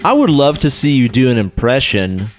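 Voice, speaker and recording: A man's voice: mid-range voice, sing-song, normal speed, soft background music. A man co-hosting a comedy movie podcast, chatting casually and laughing often. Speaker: podcast co-host.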